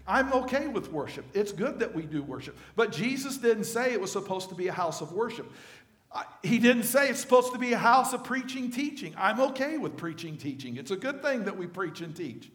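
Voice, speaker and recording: Man, pastor, sermon, high voice, conversational, questions to the congregation, echoey church room. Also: big pitch swings, fairly quick, a bit bright. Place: church sanctuary.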